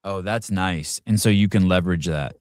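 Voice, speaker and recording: A man's voice: deep voice, normal speed, darkish tone, dry recording, studio quality. A man hosting a podcast, asking curious, short follow-up questions in a casual interview. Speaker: podcast host.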